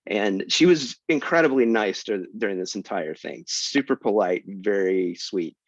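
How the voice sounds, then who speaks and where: Animated self-mocking male author, muffled call audio. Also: normal speed, no echo. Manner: animated, self-deprecating, jumps in pitch for emphasis. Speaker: guest author. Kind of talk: casual storytelling talk. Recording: dry, muffled lo-fi.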